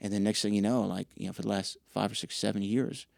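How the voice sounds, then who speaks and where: A man's voice: fairly low pitch, fast, gravelly, no room sound, studio quality. A young man, a podcast guest, telling stories in a casual interview and acting out quoted dialogue. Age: young adult. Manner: animated storyteller who acts out quoted dialogue. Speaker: podcast guest, wrestling ring announcer.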